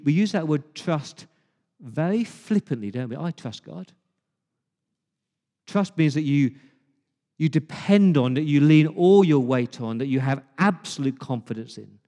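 A man preaching a sermon as pastor, speaking with passion, dramatic pauses and repeated words. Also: on the high side, warm tone, in a large hall. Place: church.

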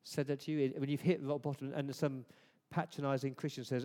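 A man preaching a conversational sermon, dropping to a hush at times and rising to emphatic points. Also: mid-range voice, little pitch movement, a little fast. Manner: conversational, swings from hushed to emphatic. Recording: long hall reverb.

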